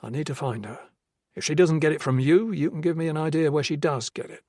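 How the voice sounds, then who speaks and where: A man voicing a calm, persistent former police officer turned investigator in a crime audiobook. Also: on the high side, a little fast, no echo, studio quality, pitched above the performer's own voice, natural voice. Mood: firm. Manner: firm, level and persuasive.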